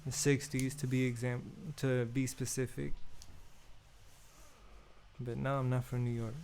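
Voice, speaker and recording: A man's voice: medium pitch, flat delivery, measured pace, creaky, darkish tone, slight background noise. A man from Oakland, hosting an unboxing in casual, slangy chat that keeps checking in with the listener. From Oakland, California. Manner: laid-back, slangy, keeps repeating "you feel me". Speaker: unboxing host.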